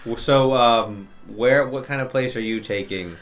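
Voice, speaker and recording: A man's voice: medium pitch, unhurried, fairly bright tone, faint music behind. A man narrating a tabletop game as dungeon master, loose and rambling. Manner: loose, rambling, many restarts.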